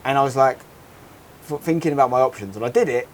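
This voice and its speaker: A man in his thirties, co-hosting a casual podcast and telling a story in an animated, rambling way. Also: mid-range voice, fast. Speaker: podcast co-host. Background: faint outdoor holiday ambience.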